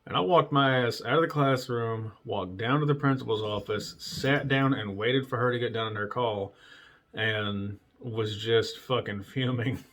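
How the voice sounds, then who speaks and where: A man's voice: medium pitch, measured pace, fairly bright tone. Profane, blunt man telling stories. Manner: profane, blunt, laughs at his own stories. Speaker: podcast host. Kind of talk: casual solo storytelling.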